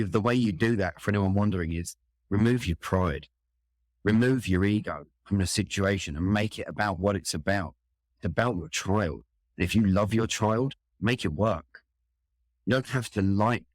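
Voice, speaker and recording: Heard in studio quality with no room sound, a middle-aged English firefighter tells his own story as an interview guest. He speaks with a London accent, earnest and reflective, in a low voice at a moderate pace.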